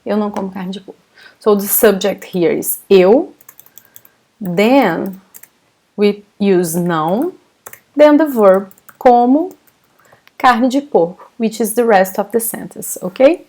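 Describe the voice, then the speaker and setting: Speaking slowly with frequent pauses, a Brazilian woman with a Brazilian Portuguese accent teaches her native language in English in a live online class. Her medium-pitched voice is animated yet a little mellow as she patiently explains and answers chat questions.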